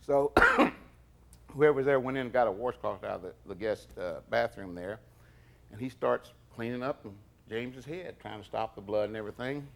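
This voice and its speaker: A man telling an old story in an interview, acting out what others said with sudden loud bursts. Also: medium pitch, moderate pace, vocal fry. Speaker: interviewee, former bodyguard. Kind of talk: storytelling anecdote.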